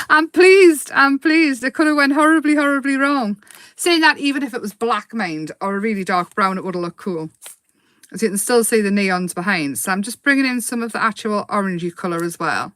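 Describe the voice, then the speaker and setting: A woman hosting a casual live craft demo, chatty and quick to giggle as she paints. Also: mid-range voice, fairly bright tone, dry recording.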